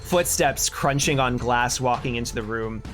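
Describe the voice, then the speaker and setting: A man narrating a tabletop game as game master, in a relaxed, chatty way with many fillers and restarts. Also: medium pitch, moderate pace, faint music behind.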